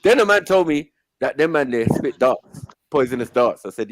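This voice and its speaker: A man trading jokes with friends on a live panel, full of slang and frequent laughter. His pitch jumps around freely as he teases the others. The recording is dry and close. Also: normal speed, dry recording. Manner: animated, joking, laughs often, London slang. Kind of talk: casual banter with friends.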